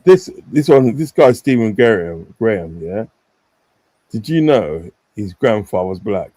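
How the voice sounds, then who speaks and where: A man's voice: lowish voice, very animated, measured pace, dark tone, rough recording. Blunt man on a stream. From English Midlands. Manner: blunt, opinionated, reads viewer comments aloud. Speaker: stream host. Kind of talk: casual live stream chat.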